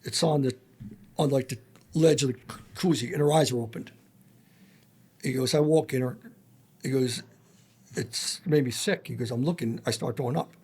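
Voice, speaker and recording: A man's voice: medium pitch, normal speed, long pauses, darkish tone, slightly rough. A man, a former federal agent, telling blunt and profane stories full of quoted dialogue as a podcast guest. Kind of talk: storytelling in a casual interview.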